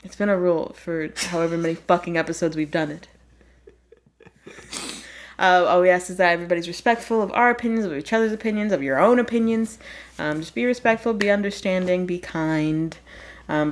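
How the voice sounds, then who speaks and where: A woman's voice: on the low side, brisk. A woman in her twenties hosting a casual advice podcast, playful and prone to slipping into put-on accents. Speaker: podcast host. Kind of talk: casual chat.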